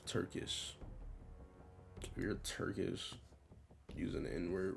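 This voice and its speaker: Young man, low voice, gravelly fry, slangy rambling commentary, faint music underneath. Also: steady tone, slow, long pauses, fairly bright tone. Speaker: commentator ranking a tier list. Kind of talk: casual commentary.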